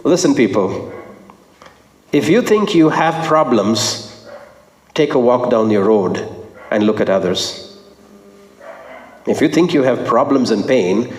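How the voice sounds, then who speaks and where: A man preaching a sermon, emphatic, repeating his phrases and swinging between low and high notes. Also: darkish tone. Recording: echoey hall with long reverb.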